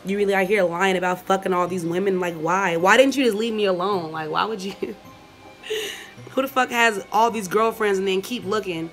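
An angry, profane vlog rant from a woman, delivered in a scornful tone as she reads messages aloud. Her voice sits at an average pitch for a woman, with faint music playing under it. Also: moderate pace. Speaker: vlogger.

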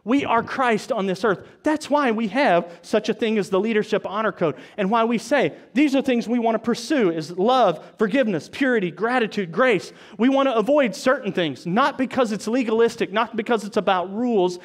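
High-voiced man preaching a sermon. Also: normal speed, hardly any pauses. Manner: conversational preaching with asides. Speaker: pastor. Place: church service.

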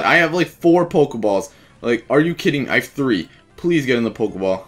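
Young man, low-pitched, gameplay commentary, casual and profane, faint background music. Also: a bit bright. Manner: profane, chatty, easily frustrated. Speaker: let's play gamer.

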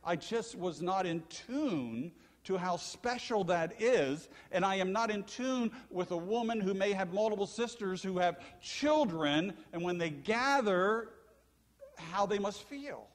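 Here an older man, a pastor, gives a sermon in a high-sitting voice at a slightly slow pace. He's lively in his storytelling and asks questions of the congregation, with long reverb from the church sanctuary.

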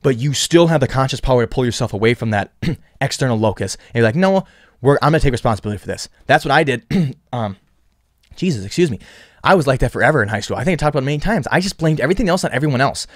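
A man's voice: medium pitch, animated, quick pace, no echo, clean studio sound. A man hosting a solo podcast, rambling with frequent restarts and repeated words. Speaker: podcast host.

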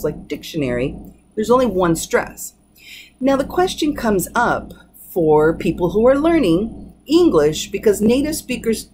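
Lively-voiced woman teaching pronunciation. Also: on the low side, slight background noise. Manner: slow, deliberate, drawing out example words. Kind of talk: English pronunciation lesson.

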